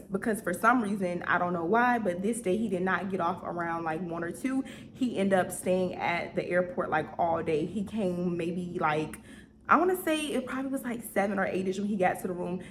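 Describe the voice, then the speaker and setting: A woman's voice: on the low side, a little hiss or hum. A young woman, apparently from Houston, telling a story in a casual storytime vlog, chatty and full of fillers, often turning to her viewers. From Houston, Texas. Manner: chatty, addresses viewers as "y'all", many "like" fillers.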